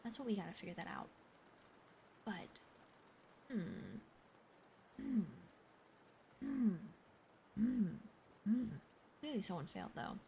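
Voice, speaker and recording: A young woman in whispered role-play, reading a novel aloud and chatting softly with her stream's viewers. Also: mid-range voice, sing-song, slow pace, vocal fry, pauses often, slight background noise. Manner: whispers the reading, chats with viewers in a soft voice between passages.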